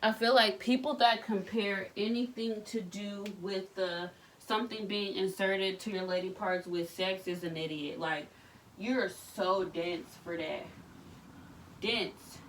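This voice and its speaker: A pregnant woman in her thirties vlogging casually while tidying her bedroom, telling candid, animated stories full of slang. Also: mid-range voice, unhurried, hardly any pauses, far from the mic, a little hiss or hum. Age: 30s. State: pregnant, back aching. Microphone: camera set up across the room.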